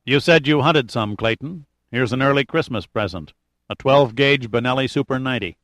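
A man voicing a calm, decisive male team leader in an audiobook, using his own steady voice. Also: medium pitch, moderate pace, dry recording, studio quality, natural voice. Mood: firm.

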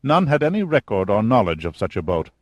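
A man's voice: on the low side, sing-song, brisk, dry recording, highs cut off. A man voicing a nervous, apologetic middle-aged intelligence colonel in an audiobook reading. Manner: anxious, apologetic, eager to please.

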